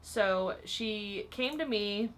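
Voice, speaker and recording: A woman's voice: mid-range voice, very slow, a little hiss or hum. A young woman vlogger casually telling stories about her old job, chatty and full of "like" and "um". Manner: chatty, frequent fillers like "like" and "um". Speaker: vlogger recounting work stories. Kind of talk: casual storytelling to camera.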